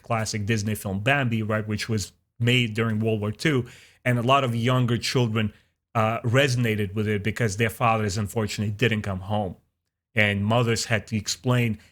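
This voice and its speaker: A man hosting a casual review vlog, talking enthusiastically and conversationally, acting out characters' lines as he retells scenes. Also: fairly bright tone. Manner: conversational with frequent fillers and "boom". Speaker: show reviewer and channel host.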